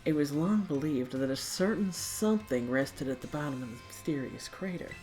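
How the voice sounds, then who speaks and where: A woman's voice: deep voice, animated, moderate pace, darkish tone, faint music behind, pitched below the performer's own voice. A woman voicing a pompous female history teacher who lectures grandly, trying for a southern drawl. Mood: lecturing. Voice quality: attempted southern drawl, theatrical.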